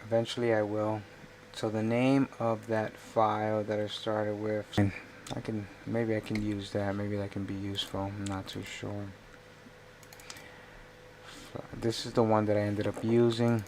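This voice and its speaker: Man, low flat voice, casual live-stream talk, rambling, faint background noise. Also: unhurried. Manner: thinks aloud, rambling, self-correcting. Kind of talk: casual live-stream commentary while designing.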